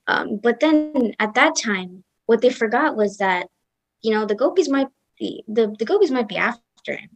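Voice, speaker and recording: A young woman telling a devotional story at a satsang in a casual, lively way, acting out the characters' lines. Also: fairly high pitch, moderate pace, lo-fi sound. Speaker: satsang speaker.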